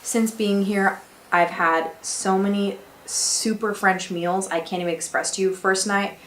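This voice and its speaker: A young woman from the United States chatting casually and cheerfully to her camera in a small attic bedroom, with quick laughs. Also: medium pitch, steady tone, a bit bright, reverberant, a little hiss or hum. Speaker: exchange student vlogger. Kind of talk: casual vlog chat. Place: small attic bedroom with slanted ceiling and beams.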